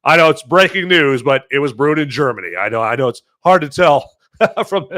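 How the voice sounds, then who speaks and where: A man's voice: a little high, expressive, moderate pace, a bit bright. A man hosting a podcast who chats casually and rambles in a jokey way, with many fillers and self-corrections. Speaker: podcast host reviewing beer. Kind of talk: casual chat.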